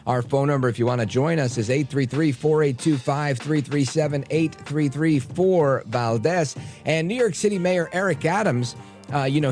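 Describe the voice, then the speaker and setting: A man hosting a late-night talk radio show, animated and opinionated with quick asides. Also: on the high side. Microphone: studio microphone.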